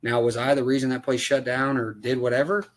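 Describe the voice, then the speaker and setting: A race car driver on a podcast, ranting about racetracks in casual, profane talk full of rhetorical questions. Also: male voice, medium pitch, little pitch movement, a little fast. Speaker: dirt late model race driver.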